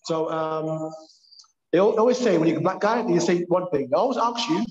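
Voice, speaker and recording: A man with a London accent, a purpose coach talking as a podcast guest in an animated, emphatic way. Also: high voice, moderate pace. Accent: London English. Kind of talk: casual podcast conversation. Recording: echoey, dull lo-fi sound.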